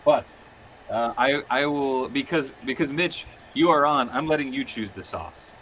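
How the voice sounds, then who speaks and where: A man's voice: mid-range voice, dull audio, noisy background. A man hosting a casual livestream, chatting and laughing with friends while eating hot sauce on nuggets. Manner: laughing, animated, quick asides. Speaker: stream host.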